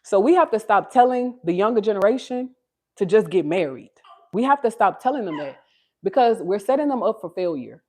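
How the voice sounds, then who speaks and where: Texas mom on a phone livestream at home, earnest and preachy, voice swoops up and down. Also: female voice, expressive, a little fast, a little mellow. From Texas, USA. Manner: earnest, preachy, talks straight to viewers; high sing-song baby talk to her child. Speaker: livestream host. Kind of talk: casual livestream chat.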